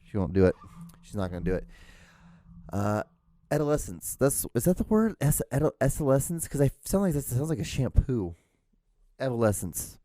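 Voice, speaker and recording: A man's voice: mid-range voice, big pitch swings, normal speed, pauses often, dark tone, no echo, clean studio sound. A man hosting a casual solo podcast from a small room at home, rambling with restarts and the odd swear word. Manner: rambling, self-interrupting, with frequent restarts and swearing. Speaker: podcast host. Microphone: podcast microphone.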